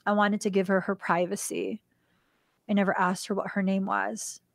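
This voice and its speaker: A woman hosts a spiritual podcast and tells a personal story in a chatty way, lively one moment and soft the next. Her voice sits in a middle range. The recording is close and dry. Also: normal speed, creaky, no room sound. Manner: animated, acts out quoted dialogue in a higher voice; drops to a soft, hushed voice for tender moments. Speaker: podcast host. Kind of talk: casual storytelling.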